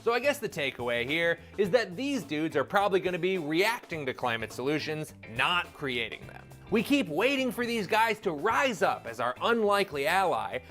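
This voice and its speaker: A man's voice: high-pitched, a bit bright. A man hosting a scripted comedic explainer video, sarcastic and full of jokey asides. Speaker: video host.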